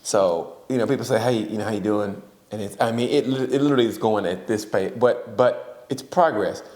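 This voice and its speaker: A man's voice: on the low side, normal speed. A man co-hosting a podcast, telling stories in a casual chat, swearing often and breaking into laughter. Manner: profane, laughing, animated storyteller. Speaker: podcast co-host. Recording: roomy echo.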